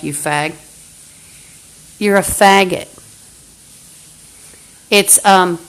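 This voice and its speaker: A woman's voice: lowish voice, gravelly, poor audio. A woman on a phone livestream, hurling profane, hostile abuse at unseen listeners in an angry rant. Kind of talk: angry live-stream rant.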